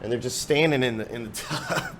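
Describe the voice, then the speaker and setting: Animated, cursing male storyteller. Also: mid-range voice, fairly quick, a little hiss or hum. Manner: animated storyteller who swears freely. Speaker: podcast guest, musician and singer. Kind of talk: casual podcast chat.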